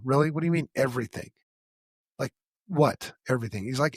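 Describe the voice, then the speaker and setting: Husky-voiced middle-aged man, blunt and profane. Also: mid-range voice, normal speed, no room sound, clean studio sound. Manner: blunt and profane, frank about his struggles. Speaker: podcast co-host. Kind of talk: candid personal storytelling.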